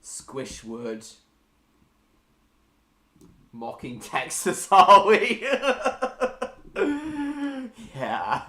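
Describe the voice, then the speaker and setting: Slow, bright-voiced man hosting a stream. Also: lowish voice, roomy sound. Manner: reads viewer messages aloud and answers them. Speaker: live-stream host. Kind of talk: casual live-stream chat.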